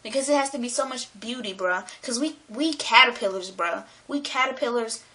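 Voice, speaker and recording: A woman talking to her camera in a casual vlog monologue, excited and rambling, slangy and swearing freely. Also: fairly high pitch, a little fast. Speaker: vlogger.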